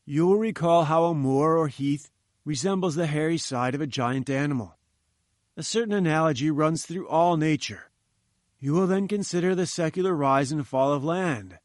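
A man with a slightly high, everyday-sounding voice speaks at normal speed in an echo-free studio recording. For an audiobook, he voices a pompous, condescending male professor who lectures in a lofty, patronizing way.

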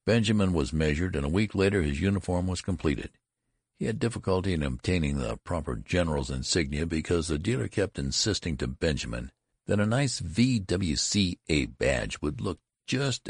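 A man narrates an audiobook in a slow, deliberate storytelling manner. His voice sits extremely low and carries a gravelly, husky texture, with a lively rise and fall. The recording is close and dry. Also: dry recording.

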